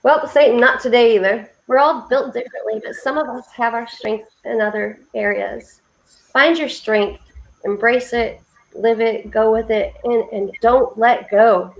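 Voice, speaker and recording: Earnest high-voiced woman telling stories. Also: steady tone, a little slow, muffled recording. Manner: earnest, heartfelt storytelling with a preacher's lift. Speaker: co-host of a faith support livestream. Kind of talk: casual faith-based chat.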